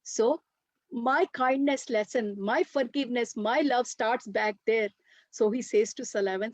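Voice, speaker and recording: A woman leading a children's workshop, telling a story in an animated way. Her voice is high. The recording is dry and a little dull. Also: measured pace, no room sound. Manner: animated, addresses listeners as "masters".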